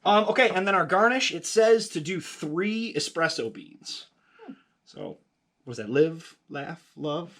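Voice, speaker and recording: A man's voice: on the high side, lively intonation, a little slow, fairly bright tone. A man hosting a casual home cocktail vlog, chatty and jokey, with lots of fillers and a slightly out-of-breath delivery. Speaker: home cocktail video host.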